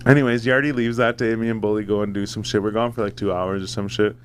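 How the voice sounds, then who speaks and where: A man's voice: on the low side, fast, a little hiss or hum. A man on a podcast telling a long, profane story in a casual chat, acting out the voices of the people in it. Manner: profane, animated, acts out quoted voices. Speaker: podcast host.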